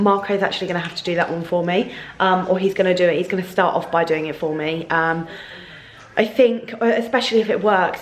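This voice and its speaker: Chatty woman vlogging at home. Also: on the low side. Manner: chatty, frank, many ums. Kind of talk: casual vlog talk to camera. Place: at home, indoors. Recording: echoey room.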